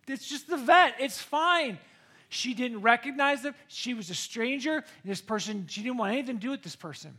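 Middle-aged american pastor preaching, kinda gravelly, gets all excited telling stories. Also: male voice, high voice. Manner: animated storytelling, rising to excited bursts. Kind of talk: sermon with personal story.

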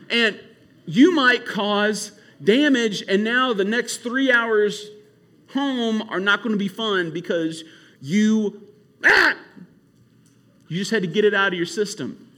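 Animated, bright-voiced youth camp speaker, male. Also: high voice, takes it slowly, long pauses. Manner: animated, casual storytelling. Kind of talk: youth sermon.

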